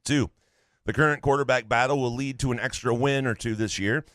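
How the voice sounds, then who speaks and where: A man's voice: mid-range voice, brisk, fairly bright tone, dry recording. Blunt, profane male podcast co-host. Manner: blunt and profane, reading listener takes. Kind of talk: casual sports podcast chat.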